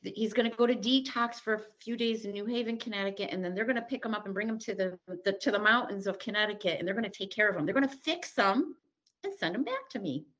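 A woman's voice: medium pitch, quick pace, a bit bright, muffled recording. A middle-aged woman telling her own recovery story as an interview guest, candid and blunt, acting out past conversations and swearing freely.

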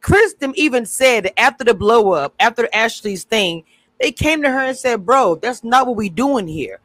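A woman gives blunt, emphatic opinions in a casual panel discussion. Her voice sits at a middle pitch and sounds close and dry. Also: animated, moderate pace, a bit bright, no echo, poor audio. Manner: emphatic, blunt, agreeing often. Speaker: review panelist.

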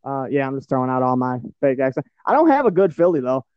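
A man's voice: mid-range voice, big pitch swings, fast talker, dry recording, dull audio. A man from Michigan with a Midwestern American accent, hosting a podcast in casual, profane, rambling chat full of fillers. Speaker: podcast host.

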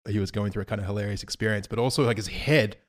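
A young man with a low voice talks in a relaxed, reflective way. His sentences tend to trail off and get quieter. He speaks casually, as on a podcast among friends. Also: rapid-fire. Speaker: podcast co-host. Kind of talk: casual chat.

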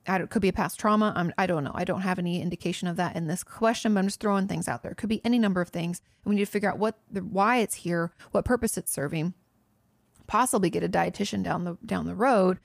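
A woman's voice: on the low side, fast talker, gravelly, no echo. A woman therapist hosting a podcast, answering listener questions in an earnest, direct way, speaking straight to the listener and often restarting her sentences. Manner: restarts and self-corrections.

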